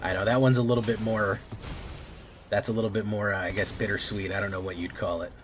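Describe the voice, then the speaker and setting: A man's voice: lowish voice, little pitch movement, fast, background noise. A man streaming a card game, chatting casually, rambling and joking with some swearing. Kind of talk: casual gameplay commentary.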